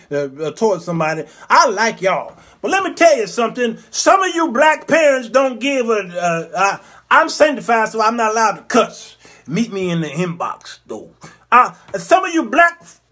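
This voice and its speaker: A man hosting his own show, with a very high voice for a man. He tells comic stories in an animated way, throwing in character voices and sound effects. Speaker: show host. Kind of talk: comedic commentary monologue.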